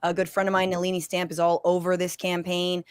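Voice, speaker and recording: A woman political commentator and comedian joining a panel by video call. She talks quickly and emphatically, sliding jokes into her points. The sound is dry and close, with no room around it. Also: fairly low pitch, monotone, clean tone, no room sound.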